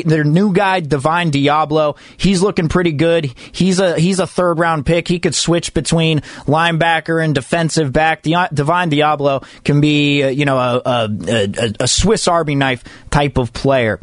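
A man's voice: a little high, no room sound. A man hosting a sports talk show, chatting casually and rambling, with fillers and restarts. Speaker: sports radio host.

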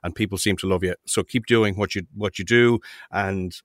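A man's voice: deep voice, steady tone, moderate pace, no echo, studio quality. A man hosting a podcast interview, asking friendly, short questions. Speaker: podcast host.

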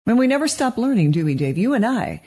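A middle-aged woman co-hosting a marriage podcast, speaking gently and reflectively, often affirming her co-host. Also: a little high, sing-song, quick pace, slightly rough. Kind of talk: casual podcast conversation.

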